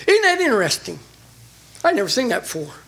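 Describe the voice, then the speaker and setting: A man's voice: fairly quick, creaky. A man preaching a sermon, reading scripture and explaining it with rising emphasis. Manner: animated, rising in pitch when emphasizing. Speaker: pastor.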